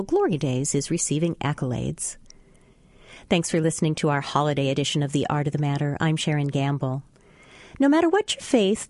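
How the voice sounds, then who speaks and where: Lively female radio host. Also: sits low, dry recording. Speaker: radio arts show host. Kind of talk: scripted radio presenting.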